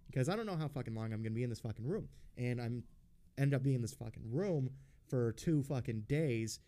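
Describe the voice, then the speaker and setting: A man hosting a podcast, telling a personal story in a casual, blunt and rambling way, swearing constantly and filling pauses with ums and uhs. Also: mid-range voice, expressive, warm tone. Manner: profane, blunt and rambling, with frequent fillers. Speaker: podcast host.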